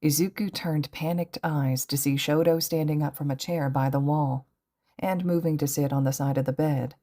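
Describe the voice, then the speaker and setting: A woman narrating a fan fiction audiobook in a gentle, emotive reading voice. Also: sits low, fairly even intonation, moderate pace. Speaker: podfic reader.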